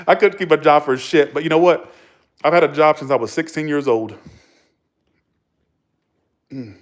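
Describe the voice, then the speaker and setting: A man's voice: a little high, normal speed, long pauses. Blunt, profane man telling stories. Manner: blunt, profane, animated storyteller who acts out arguments; chuckles between remarks. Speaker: vlogger. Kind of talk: casual storytelling to camera.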